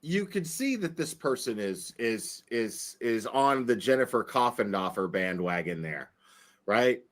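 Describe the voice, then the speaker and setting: A man's voice: medium pitch, expressive, unhurried, a bit bright. A man giving earnest opinion commentary in a played clip, repeating himself and stumbling over words.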